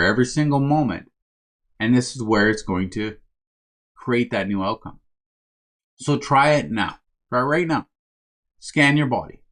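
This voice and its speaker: A man delivering a motivational self-help talk as a wellness coach, in a conversational manner at an average pitch. He keeps checking in with his listeners and calls them "my friends". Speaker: first responder wellness coach.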